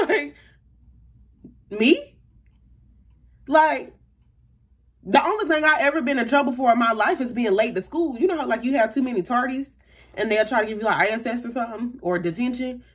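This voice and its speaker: A young woman tells a personal story to her viewers. Her voice has a husky, breathy grain. She talks in an animated, slangy way and keeps addressing her audience directly. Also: fairly high pitch. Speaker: YouTuber. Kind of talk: storytime vlog.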